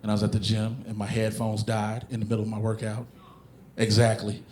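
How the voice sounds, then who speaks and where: A man performing a stand-up comedy routine on stage, telling animated, profane stories and bursting into shouted impressions. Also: lowish voice, fairly quick, slight background noise. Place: comedy stage before a live audience.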